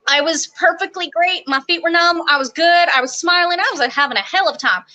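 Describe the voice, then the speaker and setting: A young woman telling stories from army basic training in a casual interview, lively and quick, acting out the quotes. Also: very high voice, lo-fi sound. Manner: animated, quick storytelling with acted-out quotes.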